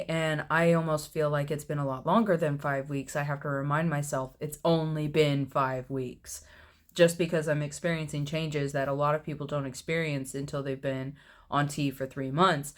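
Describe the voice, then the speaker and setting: A man in his thirties, chatting casually to camera in a personal vlog, with a low, mellow voice, laughing often at himself. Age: 30s. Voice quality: low, mellow voice with little fluctuation. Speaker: vlogger.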